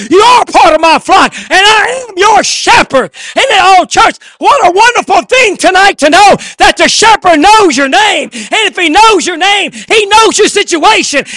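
A man preaching a sermon in a church, swelling to emphatic shouts and then dropping to a low, hushed delivery. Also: no room sound, clean studio sound.

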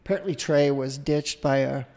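A middle-aged man, a podcast guest, telling a long casual anecdote in a rambling, animated way, often breaking off and restarting. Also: medium pitch, normal speed, long reverb tail. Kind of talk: casual storytelling.

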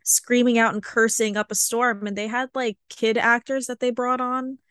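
A woman in her twenties, co-hosting a podcast, chatting casually and telling animated stories with lots of fillers. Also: a little high, normal speed, clear, resonant tone, no echo, studio quality. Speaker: podcast co-host. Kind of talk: casual chat.

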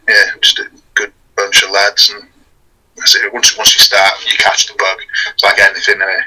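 A young man from Wales, a wrestler and strongman guest, chatting casually with a relaxed, laughing manner and many fillers. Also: on the low side, normal speed, rough recording. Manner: laid-back, laughs often, hesitant fillers. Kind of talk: casual chat.

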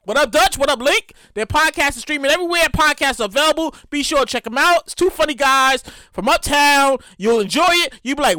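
A man hosting his own podcast in a casual solo monologue, animated and profane, often repeating himself. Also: very high-pitched, a little fast, no echo. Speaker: podcast host.

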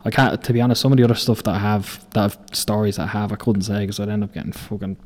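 A man's voice: on the low side, level tone, fast talker, a little mellow. A young Irish man in his twenties hosting a podcast, telling rambling, profane stories from building sites and laughing through them. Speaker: podcast host. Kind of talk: casual storytelling.

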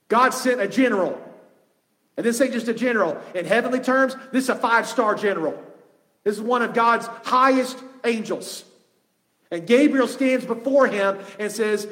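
Brief: man pastor, high voice, impassioned sermon, long hall reverb. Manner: impassioned, shifting from loud to hushed.

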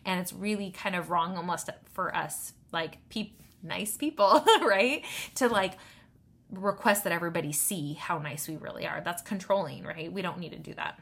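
Woman giving casual advice, low-pitched. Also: moderate pace, creaky, a bit bright. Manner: conversational, tags points with "right?"; loose, with many fillers. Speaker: self-help speaker.

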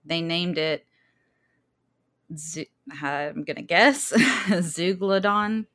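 A woman's voice: fairly low pitch, fairly even intonation, very slow, a bit bright. A woman with a Southern accent, co-hosting a podcast and chatting casually while reading out research, laughing easily and stumbling over hard words. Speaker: podcast co-host.

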